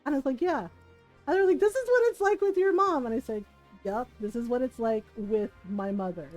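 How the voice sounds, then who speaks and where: A woman with a high voice chats casually while streaming a game, telling stories and laughing often. She slips into quick impressions of her family as she talks. Soft game music plays faintly behind her. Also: muffled recording. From Filipino family. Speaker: gaming streamer. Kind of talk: casual storytelling while gaming.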